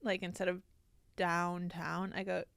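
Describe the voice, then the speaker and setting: A woman's voice: lowish voice, little pitch movement, unhurried, gravelly, a bit bright, no echo. A young woman hosting a casual podcast, talking in a playful, rambling way. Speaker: podcast host.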